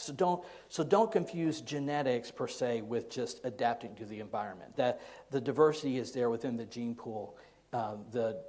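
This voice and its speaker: A man's voice: mid-range voice, a little mellow. An American man answering audience questions in a casual, rambling talk, chuckling now and then. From United States. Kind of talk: live Q&A talk.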